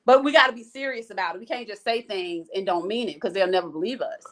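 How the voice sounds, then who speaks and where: A woman's voice: mid-range voice, fast talker. A woman hosting a live chat show. She talks to her viewers frankly and with energy, and reads out their comments. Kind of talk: casual livestream talk, reading viewer comments.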